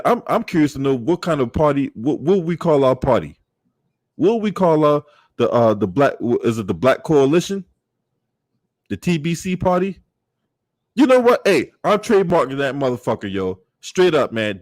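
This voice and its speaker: Man, livestreamer, casual chat, profane, laughing, slightly high voice, dry sound. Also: no room sound. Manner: profane, laughing, shouting out viewers.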